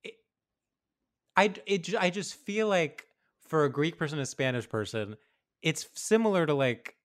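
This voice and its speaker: A man with a fairly high voice hosts a comedy podcast in loose, casual chat. He rambles and restarts his sentences, gets animated, and laughs easily. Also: moderate pace. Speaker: podcast host.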